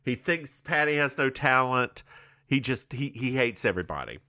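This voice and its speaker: A man's voice: medium pitch, sing-song, normal speed, bright, forceful tone. A man co-hosting a podcast, recapping a TV episode in casual chat and playfully acting out the characters in voices. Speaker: podcast co-host.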